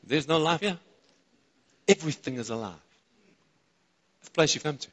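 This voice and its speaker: Man, South African accent, pastor preaching, fairly high voice, long church-hall reverb. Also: normal speed. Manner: excitable, interacts with the congregation. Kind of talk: sermon. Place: church auditorium.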